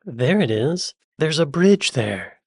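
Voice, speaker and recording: A man's voice: fairly high pitch, very animated, creaky, slightly rough, no echo, studio quality. Chatty American man hosting reactions. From United States. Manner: chatty and joking, with quick laughs. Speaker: reaction channel host. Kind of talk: casual reaction commentary.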